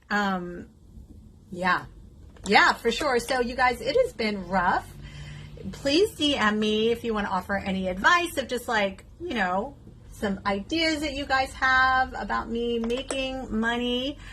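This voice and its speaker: A woman's voice: fairly high pitch, fairly bright tone, slight background noise, poor audio. Chatty woman in her fifties. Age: 50s. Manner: chatty and candid, with frequent fillers. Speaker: beauty vlogger. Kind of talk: casual talking-head vlog while doing makeup.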